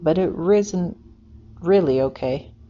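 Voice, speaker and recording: A woman's voice: slow, muffled recording, a little hiss or hum. A woman voicing a timid little male kiwi chick who stammers nervously. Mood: shaken. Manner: small nervous high voice, stammering.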